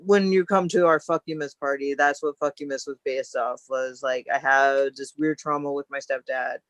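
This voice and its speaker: A woman's voice: very deep voice, steady tone, moderate pace, no room sound. A woman co-hosting a casual theater chat show, gushing and rambling with frequent laughter. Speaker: podcast co-host.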